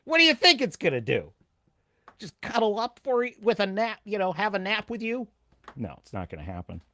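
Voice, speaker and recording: A man's voice: high-pitched, wildly swooping pitch, brisk, bright, forceful tone, dry recording. A man hosting a live stream, ranting animatedly and laughing as he reads out chat messages.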